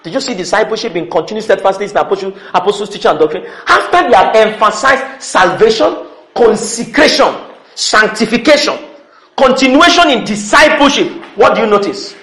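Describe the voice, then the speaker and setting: High-voiced preacher in an echoey church. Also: male voice, lively intonation, brisk, sharp tone. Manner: emphatic, repeats key words, calls for responses. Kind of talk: sermon.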